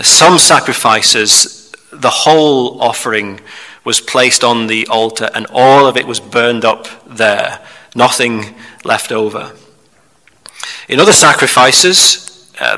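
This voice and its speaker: Bright-voiced preacher in a reverberant hall. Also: male voice, medium pitch. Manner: measured teaching tone with rhetorical asides. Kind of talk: expository sermon.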